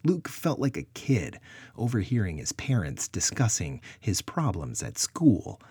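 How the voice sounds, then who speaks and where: Husky, low-voiced male storyteller. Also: a little slow, dry recording. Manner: expressive storytelling. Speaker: audiobook narrator. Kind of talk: scripted narration.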